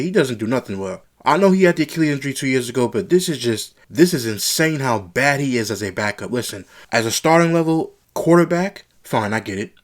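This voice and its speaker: A man's voice: mid-range voice, lively intonation, a little fast, few pauses. A young man giving a solo sports reaction, blunt and exasperated as he rants about a game. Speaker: sports commentator.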